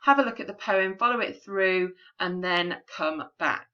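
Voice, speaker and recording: A woman teacher explaining a poem in a recorded remote lesson, patient and clear, with frequent ums. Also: on the low side, moderate pace, highs cut off.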